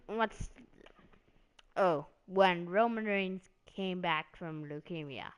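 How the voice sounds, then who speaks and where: A woman talking wrestling on a live stream in a slow, easygoing ramble. Her voice is smooth and clean, and she drifts between thoughts with plenty of "like" and "um." She keeps it loose and conversational. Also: medium pitch, fairly bright tone. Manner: rambling, meandering, heavy on "like" and "um". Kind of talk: casual live-stream commentary.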